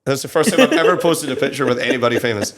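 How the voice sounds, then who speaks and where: A man's voice: mid-range voice, animated, racing. A young man from Scotland with a Scottish accent, chatting casually as a podcast guest and rambling with lots of fillers. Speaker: guest, country songwriter. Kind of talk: casual interview chat. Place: studio.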